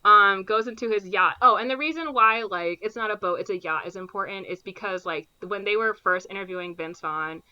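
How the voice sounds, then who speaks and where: Podcast co-host, woman, bright crisp voice, animated, filler-heavy plot recap, slightly dull recording. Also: mid-range voice, brisk, hardly any pauses. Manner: animated retelling with frequent fillers and quoted impressions. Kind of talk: casual movie recap.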